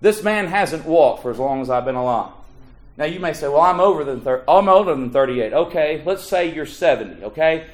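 A man's voice: expressive, a little fast. Fiery preacher in his thirties. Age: 30s. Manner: swings between hushed low phrases and loud rising emphasis; quotes scripture in old-fashioned wording. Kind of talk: sermon.

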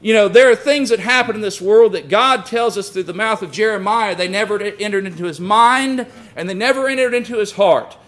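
A man's voice: high voice, a little fast, hardly any pauses, a bit bright. A man preaching a sermon in a folksy, storytelling way, calling his listeners friends and pressing his points with rising and falling force. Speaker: pastor.

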